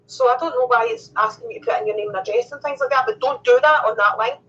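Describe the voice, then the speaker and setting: A high, breathy woman from the UK speaks over a thin, lo-fi phone line. She chats casually, giving practical advice to a live-stream host. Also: fast talker, fairly bright tone. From United Kingdom. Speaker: caller.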